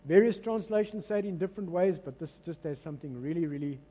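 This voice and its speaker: Speaking fast in a slightly high, husky voice, a South African English-accented pastor delivers a sermon, with the highs cut off and long reverb from the church hall. His delivery is animated and dramatic as he retells scripture like a story and leads the congregation in call-and-response.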